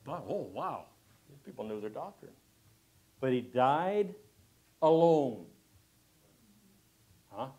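A man pastor preaching a sermon slowly, rising to loud emphatic passages and dropping to hushed, near-whispered phrases. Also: medium pitch, big pitch swings. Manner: preaching with swells of loudness and drops to near-whispers; slow, deliberate delivery.

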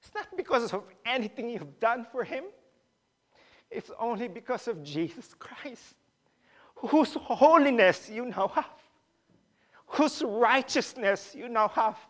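Male preacher, very lively pitch, questions the congregation as he preaches. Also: takes it slowly. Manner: animated, questions the congregation directly. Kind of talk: sermon.

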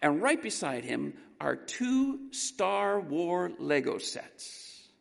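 Animated preacher telling a story in an echoing hall. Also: male voice, a little high, slow, creaky. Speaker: pastor. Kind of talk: storytelling sermon. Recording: long reverb in a large hall.

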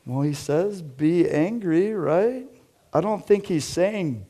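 A man preaching a conversational sermon to a small group, shifting from loud emphatic lines to quiet low asides. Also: expressive, slow pace. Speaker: pastor. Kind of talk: interactive sermon.

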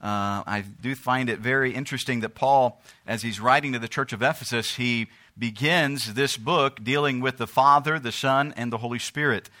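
Man, pastor, sermon in church, bright tone, emphatic, asks the congregation questions. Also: steady tone, moderate pace, few pauses. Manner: preaching, rising in pitch and force, calling out to the congregation.

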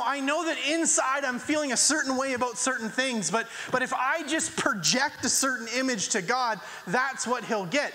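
A man's voice: very high voice, pushed and bright. A man preaching a sermon in a conversational way, acting out prayers with rising emphasis. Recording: long hall reverb.

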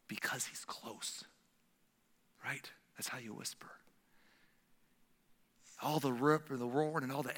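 A man preaching a sermon as a pastor, swinging from loud emphatic lines to hushed whispers. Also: medium pitch. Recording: long hall reverb.

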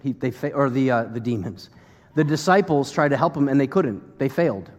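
A man's voice: medium pitch, expressive, brisk, big-room sound. An American man preaching a sermon to a congregation, talking conversationally with fillers and acting out quotes. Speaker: pastor.

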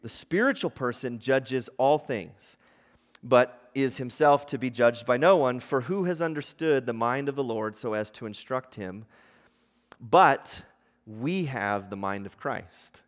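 A man preaching a sermon, explaining scripture with animated emphasis that climbs to loud peaks. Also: fairly high pitch, big-room sound. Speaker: pastor.

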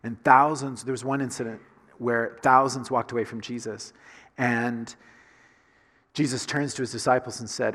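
A man's voice: medium pitch, fairly even intonation, moderate pace, fairly bright tone, in a large hall. A man from the Southern United States with a Southern accent, preaching a sermon in a conversational way full of rhetorical questions. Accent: Southern American. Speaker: pastor.

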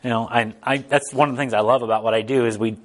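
A man's voice: medium pitch, steady tone, fast talker. Man preaching in an easygoing, rambling way. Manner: rambling and informal, often checking in with the audience. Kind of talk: casual conversational sermon.

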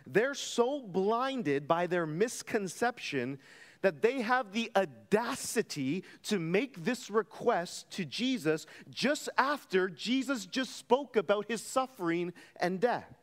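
Preaching a sermon from the pulpit, a pastor speaks slowly in a high, lively voice that rises and falls, weighting each phrase with emphasis. The long reverb of a church hall rings around his words.

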